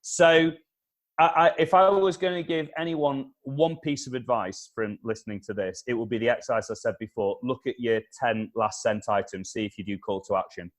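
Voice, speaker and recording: An energetic man explains his method in a lively interview. He hammers his key points home by repeating them. He acts out conversations with clients as he goes. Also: lowish voice. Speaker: communication consultant, interview guest. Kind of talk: animated advice with acted-out anecdotes.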